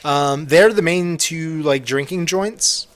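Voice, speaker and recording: A man's voice: on the high side, slow, a bit bright. A young man narrating as game master on a live stream, loose and joking with lots of fillers.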